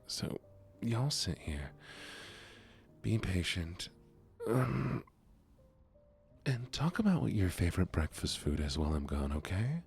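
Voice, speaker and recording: Very deep gravelly soft-spoken man. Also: a little slow. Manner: soft-spoken, relaxed, chatting with viewers. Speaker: streamer. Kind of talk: soft-spoken gaming stream chat.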